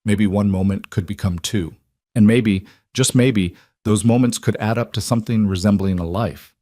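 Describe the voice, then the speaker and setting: A man narrating a frontier storybook, slow, solemn and measured. His voice sits low. The recording is close and dry. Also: mellow, no room sound.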